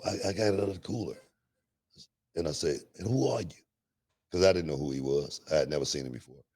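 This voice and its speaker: A middle-aged man co-hosting a podcast, telling stories in a loud, animated way with lots of slang and laughter. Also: rumbling low, breathy edge. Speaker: podcast co-host. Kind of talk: casual storytelling chat.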